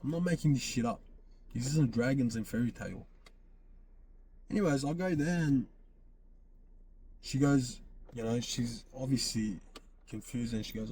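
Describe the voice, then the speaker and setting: Mellow-voiced man telling a personal story. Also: medium pitch, normal speed, long pauses, slight background noise. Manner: repeats himself, quotes himself with "I go". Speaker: podcast host.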